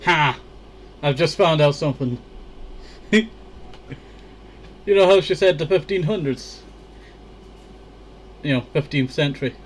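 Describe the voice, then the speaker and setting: A man's voice: fairly high pitch, normal speed, pauses often, slight background noise. Rambling Scottish man gaming. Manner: rambling, full of "you know" fillers. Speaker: let's play gamer. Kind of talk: casual gameplay commentary.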